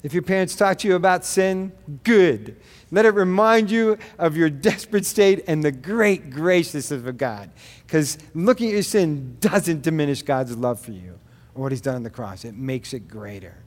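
A middle-aged man preaching a sermon, earnest and direct, with quick asides. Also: fairly high pitch, long reverb tail. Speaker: pastor. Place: gym.

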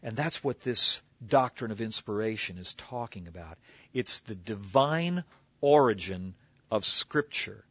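A man's voice: lowish voice, expressive, unhurried, bright, forceful tone, husky, no room sound. Give me a male pastor teaching through a passage in a chatty way, recorded dry and a bit muffled. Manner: conversational teaching, explains word origins with asides. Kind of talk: expository sermon. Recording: slightly dull lo-fi recording.

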